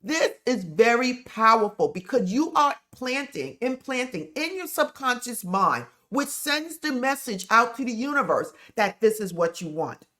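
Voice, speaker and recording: A woman speaking straight to her listeners as a spiritual teacher, walking them through each step. Her pitch moves a lot, rising and falling as she coaches. She talks plainly and directly and keeps checking that they are following. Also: sing-song, measured pace, few pauses, a bit bright. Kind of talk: instructional talk to camera.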